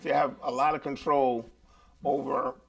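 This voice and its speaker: A man teaching a live beginner guitar lesson, chatty and relaxed, talking straight to his viewers. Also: mid-range voice, normal speed, creaky.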